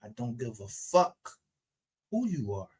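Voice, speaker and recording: A man's voice: mid-range voice, very animated, slow pace, a little mellow, husky. A man ranting aggressively on a livestream, confrontational and full of profanity. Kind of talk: angry livestream rant.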